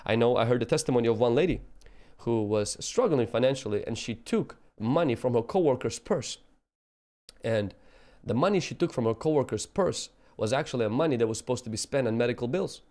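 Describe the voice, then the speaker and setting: A man's voice: medium pitch, animated, brisk, darkish tone. A man preaching a sermon, telling personal stories and acting out the people he quotes in an earnest way. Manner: earnest, acts out quoted voices.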